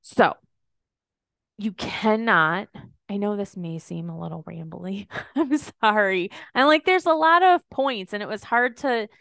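A woman in her thirties hosting her own podcast, speaking in a smooth, resonant voice at an ordinary pitch. She rambles in a friendly, chatty way, full of "like"s and asides. The recording is dry and close, with no room sound. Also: unhurried, a bit bright, dry recording. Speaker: podcast host and business coach. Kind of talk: solo podcast talk.

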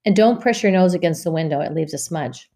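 A woman's voice: on the low side, brisk, dark tone, natural voice. A woman voicing a tired, stern mother in a storybook reading, scolding in a clipped, firm way.

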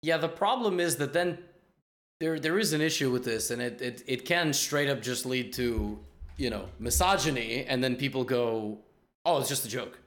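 A man, a guest in a casual chat, rambling and repeating himself in quick bursts. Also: medium pitch, fairly bright tone. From United States.

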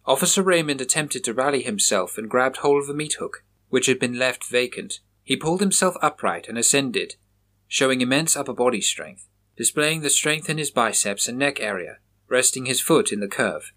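A man reading a horror story aloud in a measured, grave manner. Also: medium pitch, expressive, fairly bright tone. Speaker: narrator.

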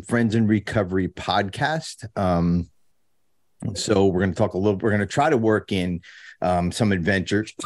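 A man with a somewhat low voice hosts a podcast over a video call. He talks in a loose, joking way, full of fillers and restarts, and he keeps clearing his throat and coughing. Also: darkish tone. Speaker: podcast host. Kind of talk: casual podcast chat.

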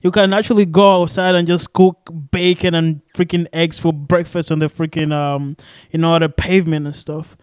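A man's voice: on the high side, flat delivery, moderate pace, clear, resonant tone, dry recording, studio quality. Rambling young man on a solo podcast. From Arizona. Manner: rambling, filler-heavy, cursing. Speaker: podcast host. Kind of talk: casual solo podcast chat. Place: shared studio office.

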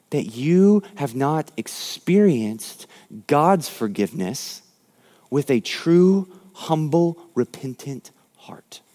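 Animated male preacher in a reverberant hall. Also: fairly high pitch. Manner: animated storytelling, acts out quoted lines. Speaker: pastor. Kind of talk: sermon.

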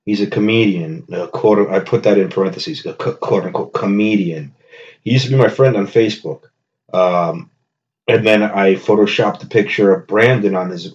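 A man's voice: deep voice, normal speed, darkish tone, highs cut off. A man hosting a comedy podcast from his home kitchen, rambling with joking bravado and constant self-corrections. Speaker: podcast host.

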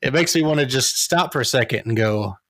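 A man co-hosting a casual movie review podcast, enthusiastic and quick to laugh. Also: medium pitch, animated, fairly bright tone, no echo. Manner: enthusiastic, laughs often, says "dude". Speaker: podcast co-host.

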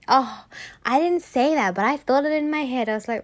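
A woman's voice: high-pitched, expressive, a little fast. A woman hosting a casual solo podcast, telling a story in a chatty, enthusiastic way. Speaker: podcast host.

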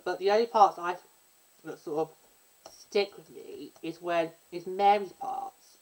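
A woman's voice: lowish voice, steady tone, unhurried, a little mellow, rough recording. Rambling woman chatting about a musical. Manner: rambling, self-interrupting, breaks into sung snippets. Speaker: podcast host. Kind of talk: casual chat about a musical.

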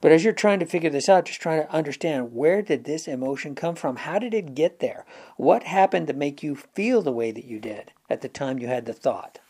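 A man's voice: a little high, lively intonation, fairly quick, a little mellow, husky. A man hosting a self-help talk, telling a personal story in an earnest, conversational way and guiding viewers through an exercise. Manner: earnest, conversational, retells dialogue with restarts. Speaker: self-help video host.

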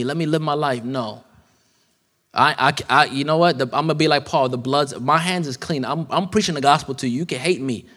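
A man's voice: medium pitch, a bit bright. Conversational male preacher in a reverberant church. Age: 30s. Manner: casual, conversational preaching with slang and asides. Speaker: guest preacher. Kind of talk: sermon. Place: church sanctuary.

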